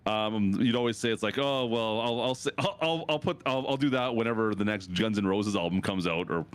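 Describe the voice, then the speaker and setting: A Canadian man in his thirties, a streamer rambling casually with his chat, his pitch jumping up for reactions. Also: brisk, smooth, dry recording. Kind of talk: casual chat with chat while gaming.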